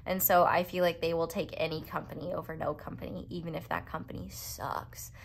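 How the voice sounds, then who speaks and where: A woman's voice: fairly low pitch, level tone, a little fast, gravelly. A woman giving a casual pick-a-card tarot reading, chatty and rambling with playful, self-mocking asides. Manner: chatty and rambling, full of "like" fillers. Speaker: tarot reader.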